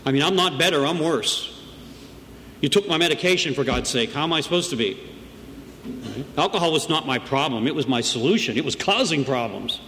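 A middle-aged man at a recovery meeting tells the group his story conversationally, frequently asking "right?" His voice is on the high side, animated, fairly quick, and a bit bright. The room adds long reverb, with faint background noise.

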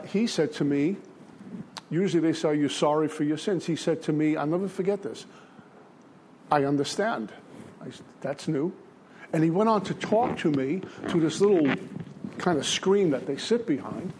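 A man's voice: a little high, animated, normal speed, darkish tone, slight background noise. Earnest older man telling his story. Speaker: recovery speaker. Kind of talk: personal testimony talk.

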